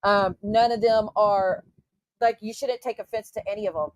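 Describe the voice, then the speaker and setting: A woman's voice: mid-range voice, steady tone, moderate pace, no echo. A woman livestreamer ranting to her chat in an indignant, profane, casual way. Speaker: YouTube livestreamer.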